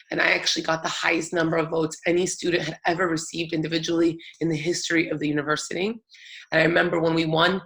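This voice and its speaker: A young woman tells a personal story in an earnest, emphatic manner. Her voice sits low and stays fairly level, with a gravelly edge throughout. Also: a bit bright. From United States. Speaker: public speaker.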